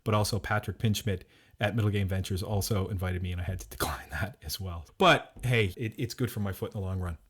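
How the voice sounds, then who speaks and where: A man's voice: low voice, fast talker, a bit bright, breathy edge. A man hosting a podcast in casual chat, chatty and self-deprecating, laughing often. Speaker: podcast host.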